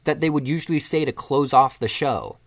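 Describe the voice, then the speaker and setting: A man casually retelling a film scene by scene, rambling and animated as he acts out lines. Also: fairly high pitch, fairly quick. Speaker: co-host recapping a film. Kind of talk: casual chat.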